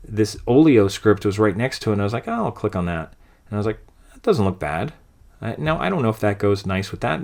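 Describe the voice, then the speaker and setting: Man, lowish voice, design instructor, screen-recorded tutorial, relaxed, thinks aloud step by step.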